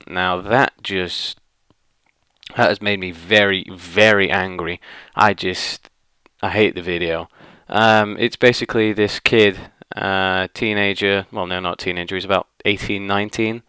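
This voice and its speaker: Man, vlog rant, low smooth voice, dry close mic, rambling and fed up. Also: fairly even intonation, unhurried, pushed and bright, dry recording. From northwest England. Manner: grumbling and exasperated, rambling with many fillers. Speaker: vlogger. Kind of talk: casual ranting monologue.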